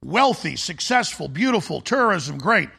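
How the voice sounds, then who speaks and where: A man hosting a talk show, ranting through a fiery political monologue. His voice is gravelly and raised high, with a bright, forceful edge. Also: sing-song, measured pace.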